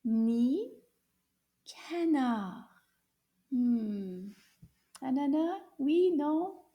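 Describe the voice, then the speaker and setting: A woman leads a children's lesson at a very unhurried pace. Her voice sits a little high yet sounds soft and mellow, and she draws out her questions in a sing-song way for young learners. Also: animated. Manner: slow, sing-song teacher voice, drawn-out questions. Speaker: French teacher for children. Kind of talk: kids' language lesson, speaking to the viewer.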